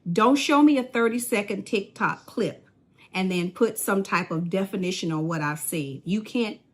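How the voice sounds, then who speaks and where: A woman's voice: medium pitch, moderate pace. A woman in her fifties, a speech-language pathologist, chatting casually to camera and laughing often as she talks to her viewers. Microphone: phone or device camera.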